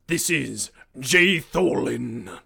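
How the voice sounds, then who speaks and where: A man voicing a gruff, boastful male pirate captain while hosting a podcast, growling his words in a comedic pirate role-play. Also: mid-range voice, expressive, very slow, pushed and bright, full character voice. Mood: blustery. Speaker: podcast host.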